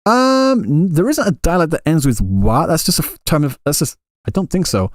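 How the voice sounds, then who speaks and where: A man's voice: a little high, lively intonation, normal speed, no room sound. Rambling male streamer, dry close sound. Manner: rambling, many restarts, conversational. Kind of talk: casual chat answering live chat. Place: Japan, Kansai area.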